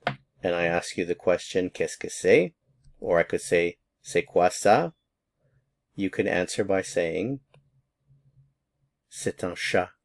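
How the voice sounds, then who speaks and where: Very low voiced guy, teaching french, dry close sound, patient. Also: dry recording. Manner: patient, repeats examples slowly for learners. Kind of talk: slow, clear grammar lesson.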